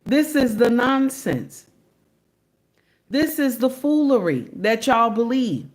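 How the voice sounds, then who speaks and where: A woman's voice: a little high, expressive, slow pace. A woman hosting a livestream, reacting to clips in sassy, preachy casual commentary and repeating lines for emphasis.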